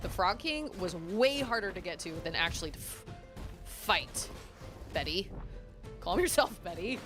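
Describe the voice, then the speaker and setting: This streamer has a fairly low voice and keeps a measured pace with long pauses, while music plays in the background. A young adult woman, she reacts to her game with exclamations, groaning and laughing excitably whenever things go badly.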